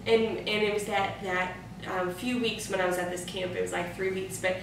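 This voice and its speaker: A woman's voice: medium pitch, level tone, moderate pace, vocal fry. A woman co-hosting a book club chat, telling a personal story animatedly with fillers and laughs. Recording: echoey room, far from mic, faint noise.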